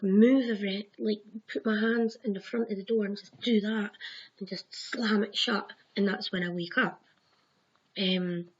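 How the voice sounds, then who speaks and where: A woman's voice: medium pitch, slightly rough. A young woman, a mother, casually telling her own dream stories in a rambling way, swearing freely and acting out what she said. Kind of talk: casual storytelling to camera. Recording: dull lo-fi home recording.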